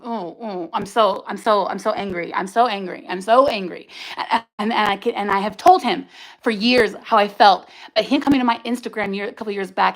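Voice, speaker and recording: A woman's voice: fairly high pitch, a bit bright, rough recording. A woman speaking on a livestream, giving an emotional personal testimony, angry and raw, cursing and talking in bursts. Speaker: livestream host.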